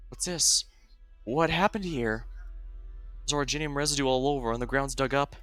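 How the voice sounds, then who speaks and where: A man's voice: medium pitch, moderate pace, a bit bright, no echo, soft background music, lightly acted. A man voicing a guarded young woman investigator, reading a game story aloud in a brooding, suspicious way. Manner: brooding, suspicious, then accusing.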